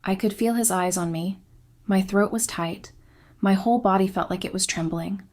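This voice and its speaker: A woman reading a scripted first-person confession in a quiet, subdued, steady way. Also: medium pitch, normal speed. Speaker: story narrator.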